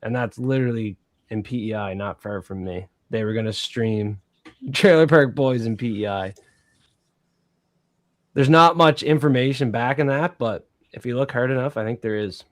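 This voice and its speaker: A man's voice: mid-range voice, normal speed, no echo. A man from Prince Edward Island with a Canadian accent, co-hosting a casual podcast chat in a laid-back, chatty way, swearing now and then. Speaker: co-host.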